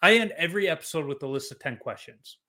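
A middle-aged man hosts a casual podcast interview with a bright, clear-edged voice. He tells family stories easily, slipping into lively quoted voices. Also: on the high side, fast talker. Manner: storytelling, animated quoting of family. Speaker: podcast host.

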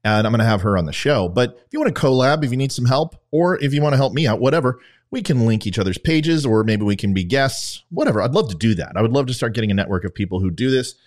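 A man hosting a political talk podcast in a combative, conversational manner. His voice sits at a middle pitch, and he speaks straight to his audience. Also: animated, fast talker. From Louisiana. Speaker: podcast host. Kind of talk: opinionated political talk show.

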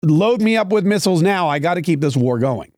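Whiny, self-pitying middle-aged male president, sent up by a man; higher than his own voice, dry sound. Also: lively intonation, fairly quick, darkish tone, dry recording. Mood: mocking whine. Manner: mocking, sing-song exaggeration.

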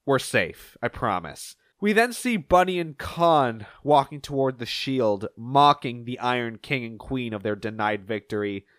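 A young man hosting a podcast, recapping comic issues and acting out the characters' lines in quick shifting voices. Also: no echo, studio quality. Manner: animated, acts out characters' lines in shifting pitch. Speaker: podcast host.

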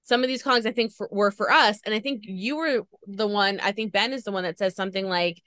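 A woman's voice: mid-range voice, fast talker, a bit bright, no room sound. A woman podcast host gushing as she retells a story in a casual interview chat.

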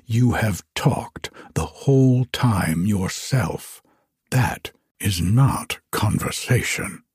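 A man's voice: lowish voice, expressive, extremely slow, a little mellow, slightly rough, no room sound, clean studio sound, full character voice. Give me a man reading as a pompous, self-pitying firework rocket. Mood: haughty. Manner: self-important, complaining. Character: pompous, vain, touchy firework rocket, male.

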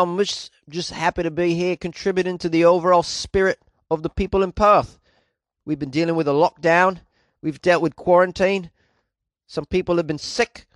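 Dude doing a goofy proud prankster guy, rambly and pleased w himself, a bit high. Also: fairly bright tone, no room sound. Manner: rambling, self-satisfied. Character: cheerful dim man, proud street graffiti prankster.

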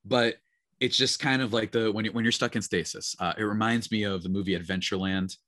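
His lowish voice holds a steady tone, fairly bright and a little fast. He co-hosts a podcast, chatting casually and rambling with many filler words, in a studio recording without echo.

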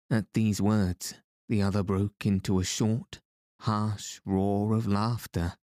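A man narrating a storybook tale in a measured, even storytelling manner. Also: on the low side, no room sound, studio quality.

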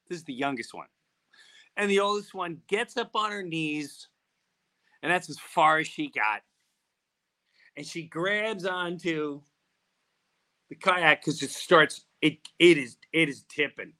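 A man's voice: fairly high pitch, unhurried, pauses often. A middle-aged man hosting a podcast, telling a story casually and acting out the voices of the people in it. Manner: animated, acts out quoted voices. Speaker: podcast host.

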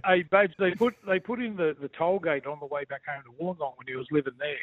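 A middle-aged Australian man calling in by phone, joking around in rapid banter and saying mate in nearly every sentence. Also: on the high side, no room sound. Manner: jokey, excitable, says mate constantly. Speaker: former footballer calling in. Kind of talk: casual banter on a phone call. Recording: tinny phone line.

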